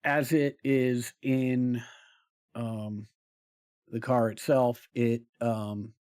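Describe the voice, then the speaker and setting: A man narrating a tabletop role-playing game as game master, slow and hesitant with many pauses and fillers. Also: mid-range voice, level tone, a little mellow, smooth, dry recording, clean studio sound.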